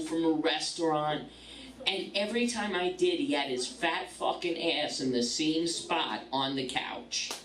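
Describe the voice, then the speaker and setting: A woman, performing a bawdy stand-up comedy set with punchy timing. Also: low-pitched. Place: comedy club stage. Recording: roomy club sound from a distance, loud audience.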